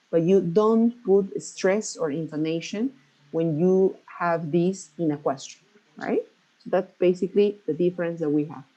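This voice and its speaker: Mellow low-voiced woman teaching English. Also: low-quality recording. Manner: patient, checks in often with "right?". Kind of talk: explaining grammar in a class.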